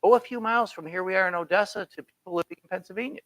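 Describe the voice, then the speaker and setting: New guy teaching bible study, bright voice, kinda high, lots of "you know" and "right?" asides. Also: very fast, dry recording, low-quality recording. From New York. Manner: conversational, folksy asides and rhetorical questions. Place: church Bible study room. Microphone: computer streaming the class.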